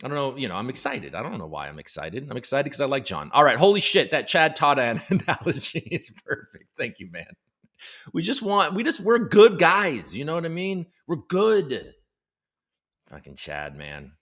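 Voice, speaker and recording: A man's voice: mid-range voice, sing-song, moderate pace, a bit bright. A man hosting a casual live stream, joking around and greeting viewers in the chat by name. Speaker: livestream show host.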